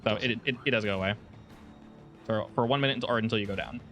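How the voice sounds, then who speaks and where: Easygoing game master with music behind. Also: male voice, lowish voice, fast talker. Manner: relaxed and joking, with many filler words. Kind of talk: running a tabletop game.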